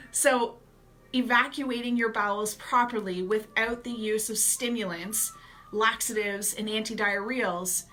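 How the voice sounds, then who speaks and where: A woman gut health coach gives advice directly to her viewers in a casual vlog. Her voice sits a little high and sounds bright and forceful. She keeps an energetic, chatty manner throughout.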